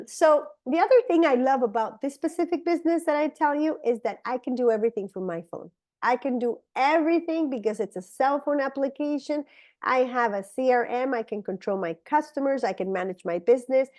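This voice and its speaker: A woman pitches a business opportunity with eager, persuasive energy. Her voice sits a little high but sounds mellow and warm. She talks to her listeners as if in a friendly chat. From Colombia. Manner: enthusiastic, persuasive, conversational. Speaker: network marketing presenter.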